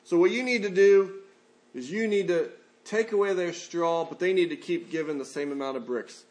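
A man's voice: sits high, normal speed, a little mellow, close to an everyday voice. A man voicing a dismissive ancient male king who scolds his overseers in a curt, scornful tone.

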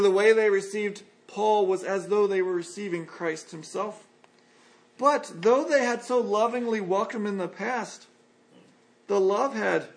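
A man preaching an expository sermon as a pastor, earnest and measured, in a conversational tone. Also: high voice.

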